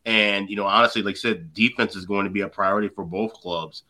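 A deep-voiced man talks fast in casual sports betting chat. His tone is sharp and forceful. He packs his talk with fillers and quick restarts. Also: fairly even intonation. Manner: rapid, filler-heavy, restarts often.

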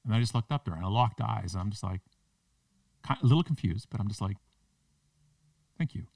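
A man's voice: on the low side, fast, creaky, a little mellow, no echo, far from the mic. A man, a public speaker and podcast guest, tells a story with punchy, self-mocking comic timing. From Canada. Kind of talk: animated storytelling in a podcast interview.

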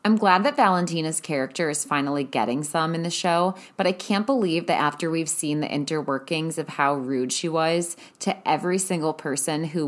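Swearing freely, a young woman with a strikingly low voice hosts a laid-back recap of a TV episode. She sounds blunt and fed up, as if unloading her frustrations directly on her audience.

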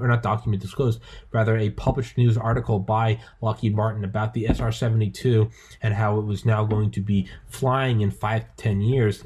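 A man in his thirties hosts a casual podcast chat, talking excitedly and profanely and stumbling over repeated words as he rambles. His voice is lowish and husky.

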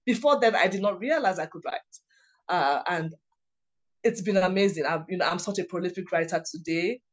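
A woman's voice: on the low side, brisk. A woman, a lawyer and writing coach, telling heartfelt personal stories in an earnest way, full of "you know" fillers and restarts. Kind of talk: reflective personal storytelling.

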